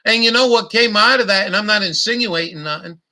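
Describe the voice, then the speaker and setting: A man's voice: high voice, a little fast, pushed and bright. A middle-aged man hosting a livestream, talking bluntly with lots of swearing and repetition. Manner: blunt, profane, repetitive ranting. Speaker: livestream host. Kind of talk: casual livestream chat.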